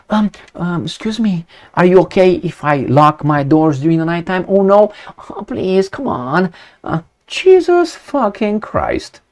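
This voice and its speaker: A man's voice: medium pitch, darkish tone. A man reading out a news story and commenting on it, blunt and sarcastic, swearing, asking rhetorical questions and stumbling through fillers and restarts. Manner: halting, many fillers and restarts.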